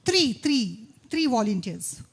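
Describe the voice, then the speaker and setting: A woman emceeing a campus event, upbeat and coaxing, rattling off tongue twisters quickly. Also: on the high side, very animated, gravelly, slightly rough. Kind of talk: lively stage hosting.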